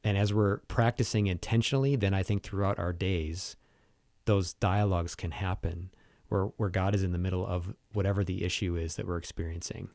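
A man in a relaxed faith conversation, speaking earnestly and searching for words with fillers. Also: low-pitched, fairly quick, no room sound.

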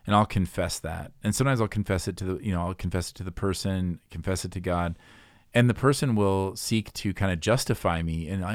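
Deep-voiced guy musing about confession, casual, restarts a lot, dead dry room. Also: fairly quick, dry recording. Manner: thoughtful, reflective, many restarts. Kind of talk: casual conversation on faith.

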